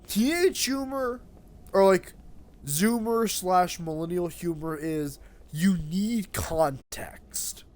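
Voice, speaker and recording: A man's voice: on the high side, takes it slowly. A young man streaming a game, rambling and swearing freely in casual chat with a friend. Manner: rambling, excitable, swears a lot.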